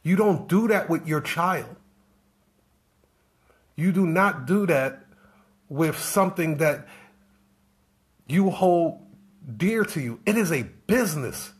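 In his live-streamed coaching session, a business coach speaks slowly and animatedly, leaving long pauses. His voice is a little high, and he presses his point through repeated rhetorical questions and recycled phrases with preachy insistence.

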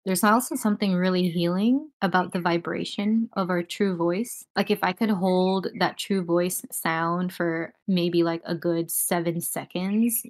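A woman guiding listeners through a breathing and voice exercise on a video call, talking casually and calmly with many filler words. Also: on the low side, unhurried, few pauses. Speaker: breathwork and voice teacher. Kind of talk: guided breathing lesson on a group call. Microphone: video call with noise cancelling.

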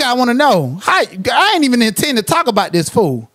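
A man's voice: very high voice, huge pitch swings, fairly quick, a bit bright. A man hosting a livestream commentary rant, profane and confrontational, who sometimes slips into sing-song asides. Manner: profane, confrontational, trash-talking. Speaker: commentary channel host.

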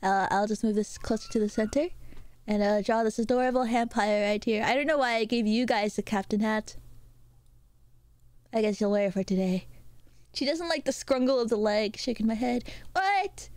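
A woman streamer chatting casually with her viewers while drawing, playful and rambling, with many filler pauses. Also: fairly high pitch, a little mellow, no echo.

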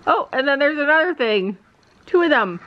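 A middle-aged woman chatting casually in a vlog, mother and horse owner, switching to a high baby voice for her pets. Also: expressive, moderate pace, highs cut off. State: out of breath.

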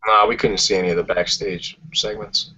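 A man's voice: fairly low pitch, flat delivery, moderate pace, pushed and bright, husky. Profane ranting Philly man, muffled audio. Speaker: podcast co-host. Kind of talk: casual podcast chat.

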